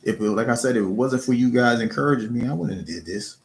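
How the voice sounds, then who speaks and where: A man's voice: mid-range voice, expressive, fast, a little mellow. A man streaming live, giving casual, earnest encouragement to his chat, often restarting and repeating words. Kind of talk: casual motivational talk.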